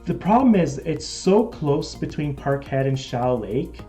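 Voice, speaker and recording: A man's voice: a little high, lively intonation, measured pace, mellow, soft background music. A man with a Canadian accent hosting a casual live stream, chatting and reading out viewer comments. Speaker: model railroad live-stream host.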